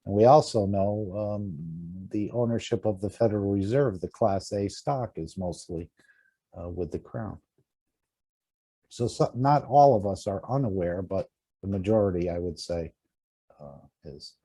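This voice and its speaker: A man from the United States interviewing a guest in a measured way, with fillers. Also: on the low side, mellow, no room sound. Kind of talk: casual conversation.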